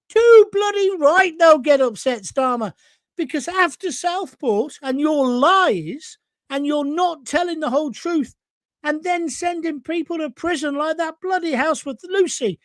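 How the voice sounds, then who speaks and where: A man's voice: extremely high pitch, a bit bright, no room sound, studio quality. A man hosting an opinionated talk show, ranting sarcastically and reading out viewer messages. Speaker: show host.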